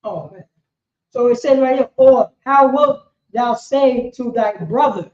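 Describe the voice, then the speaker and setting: A high-pitched woman preaches a street-style sermon, circling back over her points with lots of "you know what I'm saying". The sound is echoey and dull, as if captured on a lo-fi recording in a bare room. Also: measured pace, darkish tone. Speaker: preacher teaching scripture.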